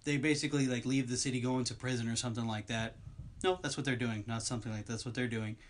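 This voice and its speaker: A man's voice: medium pitch, steady tone, fast talker. A man co-hosting a podcast in casual chat, rambling and going off on long tangents. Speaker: podcast co-host.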